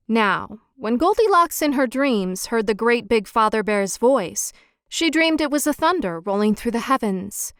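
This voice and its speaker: Woman narrator, children's storybook, smooth clear voice, dry close sound, gentle lilt. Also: a little high, no echo. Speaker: audiobook narrator.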